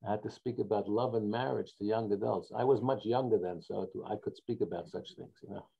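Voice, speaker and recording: A man with a dark, gravelly voice welcomes two congregations over a video call. He talks haltingly and keeps restarting his sentences. The sound is muffled and narrow. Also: lowish voice. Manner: halting, many restarts and fillers. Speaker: rabbi hosting a joint congregation event.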